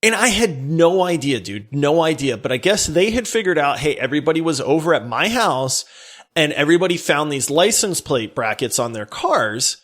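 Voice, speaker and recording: Man, podcast co-host, animated storyteller, laughing, near-shouting, fairly high voice. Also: moderate pace.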